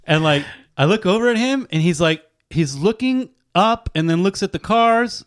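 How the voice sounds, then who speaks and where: Animated, profane man telling casual stories. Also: high voice, normal speed. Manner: animated, profane storytelling with frequent "like" and laughs. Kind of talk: casual chat.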